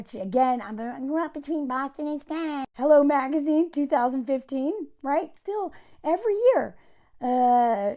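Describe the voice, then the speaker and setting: A woman's voice: high voice, warm tone. A woman giving casual, sarcastic video commentary, exasperated and mocking as she talks. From United States. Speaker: commentary vlogger.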